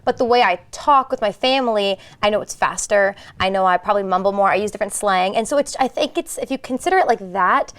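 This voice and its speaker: A woman from the Washington DC area co-hosting a morning show, chatting casually and quick to agree. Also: mid-range voice, fairly bright tone. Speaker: co-host. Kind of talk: casual chat. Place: TV studio.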